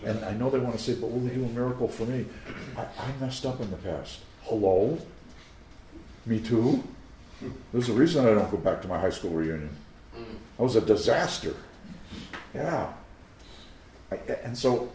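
Low-voiced preacher in a roomy room. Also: male voice, animated, normal speed, pauses often, warm tone, a little hiss or hum. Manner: anecdotal, conversational storytelling with asides to the crowd. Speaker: pastor. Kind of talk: sermon. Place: teaching room before a live audience.

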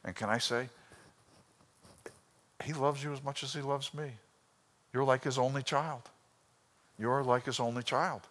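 A man preaching a sermon, telling a personal story with emotion and swinging between loud bursts and hushed lines. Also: fairly low pitch, moderate pace, in a large hall. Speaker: pastor.

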